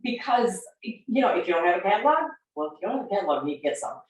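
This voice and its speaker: A woman casually presenting sales tips on a live video, chatty and relaxed. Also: medium pitch, rapid-fire. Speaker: sales team member presenting a tip. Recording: very echoey room, far from mic.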